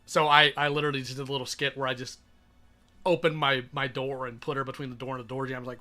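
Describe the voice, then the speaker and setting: A man's voice: mid-range voice, level tone, quick pace, sharp tone, faint music behind. A man live-streaming his reaction to a video, chatting sarcastically and reading donations aloud.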